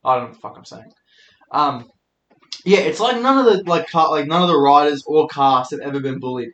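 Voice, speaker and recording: A man's voice: a little high, lively intonation, fairly quick, a bit bright, roomy sound. A man in his twenties hosting his own podcast, rambling and swearing as he pokes fun at himself, talking into a handheld microphone. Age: 20s. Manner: rambling, sweary, self-deprecating. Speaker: podcast host. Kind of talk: casual solo podcast rant.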